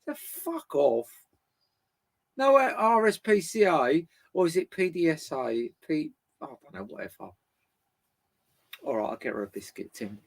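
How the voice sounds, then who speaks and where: Streaming live from home alongside his dog, a man with a British English accent chats casually, swearing freely and laughing a lot. His fairly high voice is expressive and creaky, at a moderate pace.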